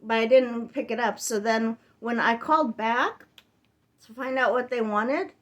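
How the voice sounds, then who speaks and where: A woman's voice: fairly high pitch, unhurried, muffled recording. A woman giving a casual reading update on her book channel, chatty and rambling, full of tangents and filler words. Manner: chatty and exasperated when complaining. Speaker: book vlogger.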